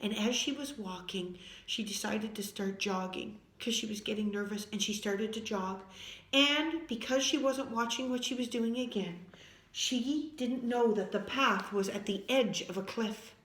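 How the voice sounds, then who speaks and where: A woman reading a children's story aloud with dramatic, expressive delivery. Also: on the high side, a little slow. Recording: echoey room.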